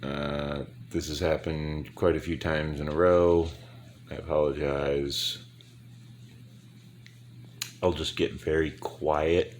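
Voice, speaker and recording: A man's voice: extremely low pitch, flat delivery, takes it slowly, pauses often, slight background noise. A sleepy man narrating his game casually to viewers, trailing off and mumbling to himself as he plays. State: very sleepy, yawning. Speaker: gaming YouTuber. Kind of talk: casual gameplay commentary.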